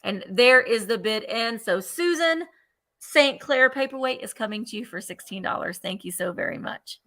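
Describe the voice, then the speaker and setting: A woman hosting a live online vintage sale in a chatty, casual way. Her pitch rises and falls a lot, with a gravelly edge in a bright, somewhat high voice. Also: lively intonation, moderate pace. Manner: chatty, counts down bids aloud. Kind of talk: casual live-stream selling chat.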